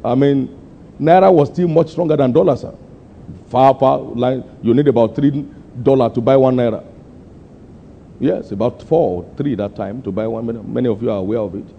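An older man preaching a sermon, pushing his people for answers and climbing to sudden high, emphatic peaks. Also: normal speed, vocal fry, slight background noise. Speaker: pastor. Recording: muffled lo-fi sermon recording.

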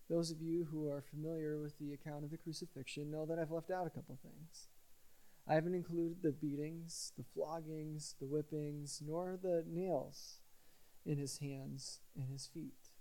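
A middle-aged male pastor delivers an earnest sermon. His voice sits a little high but sounds warm and mellow. He presses hard on key lines, then sinks into a near hush for the heavier passages. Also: level tone, moderate pace, low-quality recording. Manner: earnest preaching, swelling loud then dropping quiet.

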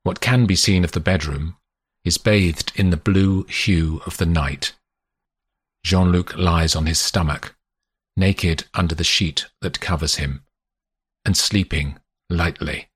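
A man narrating an audiobook in a measured, lilting storytelling manner. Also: deep voice, breathy edge, dry recording, clean studio sound. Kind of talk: scripted narration.

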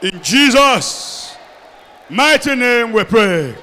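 A man leading a fiery sermon and prayer, alternating shouted prayer with quieter speech. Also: very high voice, very animated, extremely slow. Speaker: pastor. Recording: long hall reverb.

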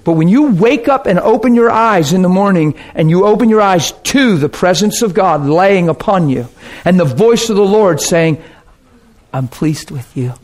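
A middle-aged man preaching a heartfelt testimony, his voice sitting a little high for a man. He tells his story with deep feeling, dropping to near-whispers and then rising sharply. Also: animated, normal speed, hardly any pauses. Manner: emotional storytelling with swings from soft to loud. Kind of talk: sermon testimony.

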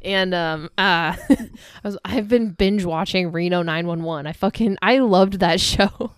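A woman's voice: on the low side, unhurried, clean tone, dry recording, studio quality. A young woman co-hosting a casual chat, laughing often and swearing freely. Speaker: co-host.

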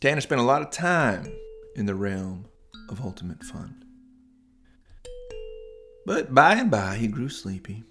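A man narrating a children's bedtime story in a relaxed, improvised way, with restarts. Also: medium pitch, a little slow, long pauses, faint music behind. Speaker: storyteller and podcast host.

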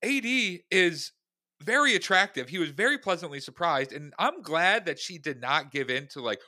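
A man with a bright, mid-pitched voice chats casually as a podcast co-host. He sounds blunt and exasperated, and he acts out quotes in mocking voices. The recording is dry and close. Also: sing-song, moderate pace, no room sound. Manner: blunt and exasperated, quoting people with mock voices. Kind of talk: casual chat.

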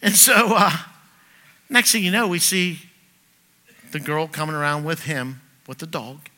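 A middle-aged man preaching with a very bright, forceful voice that sits a little high for a man. He tells his stories in an animated way, jumping from loud, punchy lines to hushed asides. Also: measured pace. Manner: animated storyteller, swings from loud bursts to quiet asides. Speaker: pastor. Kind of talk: sermon with personal anecdotes.

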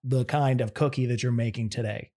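A man's voice: mid-range voice, fairly quick. A man co-hosting a casual podcast, who grew up in Canada and talks in a playful, joking manner. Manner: playful, animated, jokey. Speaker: podcast co-host.

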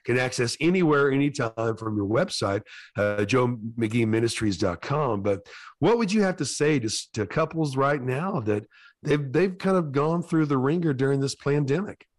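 A man's voice: medium pitch, animated, normal speed, no echo. Chatty male talk show host, dry sound. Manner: chatty, many fillers and interjections. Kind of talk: interviewing a guest.

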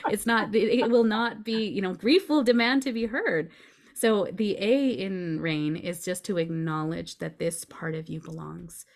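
Unhurried and mid-range in pitch, this woman speaks as a podcast guest and grief coach. In conversational explanation, she describes emotions earnestly and reassuringly, frequently checking in with her listener.

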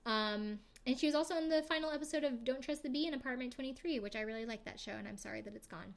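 A woman's voice: high-pitched, fast, vocal fry. A young adult woman hosting a podcast, recapping reality TV in a casual, chatty way with lots of fillers and jokey asides. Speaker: podcast host.

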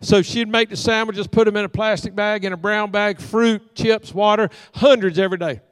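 A middle-aged man preaching in a church sanctuary. His voice sits high, and he tells homey stories while slipping into the voices of the people in them. The mic is close and dry, but a long reverb from the hall trails after his words. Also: fairly even intonation, normal speed, clean tone. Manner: folksy storyteller acting out dialogue. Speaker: pastor. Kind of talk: storytelling sermon.

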